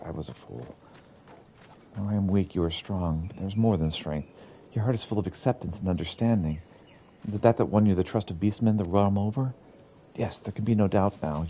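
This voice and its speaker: A man reading a soft pleading young woman. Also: deep voice, a little hiss or hum. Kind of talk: reading game dialogue aloud.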